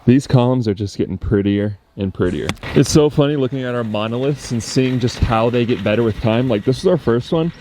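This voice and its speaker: A man's voice: mid-range voice, fairly quick, few pauses, noisy background. A young man talking casually to his vlog viewers, earnest and reflective, then joking with his wife. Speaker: vlogger building a home.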